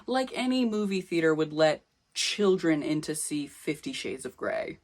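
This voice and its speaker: Casting: young woman, lowish voice, dry self-mocking vlogger reading old fan fiction aloud. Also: very animated, normal speed. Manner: sarcastic, self-mocking asides between read passages. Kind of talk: comedic reading with commentary.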